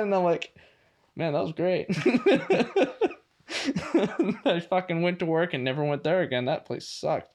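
A man co-hosting a podcast, telling stories in a casual, animated way and laughing often. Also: high-pitched, normal speed. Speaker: podcast co-host. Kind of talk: casual chat.

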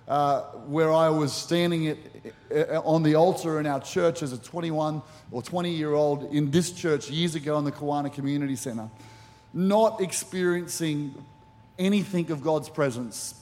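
A man's voice: fairly high pitch, normal speed, a little mellow. A middle-aged man preaching a sermon as pastor, telling stories animatedly with acted asides. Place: church auditorium. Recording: church hall reverb with faint music.

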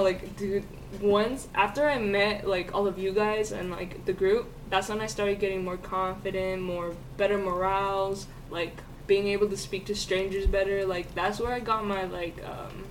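A young woman hosts a laid-back podcast and tells her stories with lots of animation, breaking into laughter and swearing freely. Her voice sits at an ordinary pitch and comes from a little way off the mic, with faint noise underneath. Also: steady tone, moderate pace, distant mic. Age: young adult. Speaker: podcast host. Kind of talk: casual chat.

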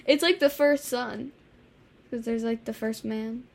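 A young woman co-hosting a casual podcast, easygoing and softer-spoken, laughing along with her friend. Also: on the high side, slow pace, vocal fry. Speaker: podcast co-host. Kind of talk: casual chat.

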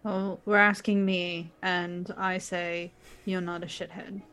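A young Midwestern woman speaks slowly and haltingly, playing her character in a tabletop game. Soft music runs faintly underneath her voice. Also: lowish voice, level tone, clean tone. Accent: Midwestern American.

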